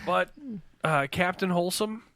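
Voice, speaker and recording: A man's voice: high-pitched, unhurried, vocal fry, a bit bright. A man hosting a podcast, telling rowdy stories in casual chat. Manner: rowdy storytelling with laughs. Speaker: podcast host.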